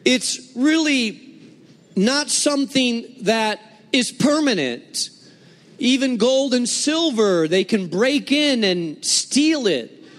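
A man preaching a sermon, explaining scripture and telling lively, humorous stories from his own life. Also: extremely high pitch, slow, long reverb tail. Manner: animated storytelling with humor. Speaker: pastor.

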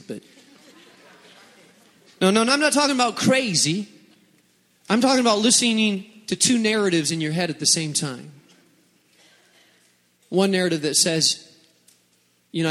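A man's voice: sits high, expressive, moderate pace, pauses often, a bit bright. A male pastor preaching a sermon to a congregation, dramatic and repeating phrases for emphasis. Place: church hall before a congregation. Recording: long hall reverb.

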